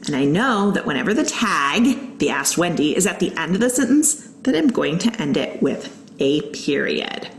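Speaking at a moderate pace in a low-pitched, sing-song voice, a woman elementary school teacher patiently guides young students through a writing lesson. She explains every step and reads example sentences aloud in this recorded online lesson. The low-quality recording is roomy, with a little hiss or hum.

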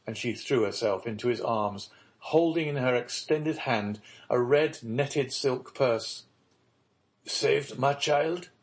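A man narrating a classic novel as an audiobook, reading in a measured, steady way. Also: medium pitch. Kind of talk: scripted narration.

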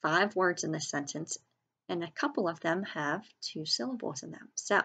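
A woman's voice: on the low side, lively intonation, pushed and bright. A woman teacher leading a reading lesson for children, sounding out words syllable by syllable and spelling them letter by letter. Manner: slow, clear enunciation, sounding out syllables and letters.

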